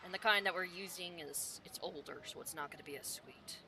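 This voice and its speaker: A woman's voice: lowish voice, a little fast, bright, forceful tone, slight background noise. A woman voicing a burly half-orc baker father who frets and explains about his sugar. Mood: worried. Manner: fretful, explaining.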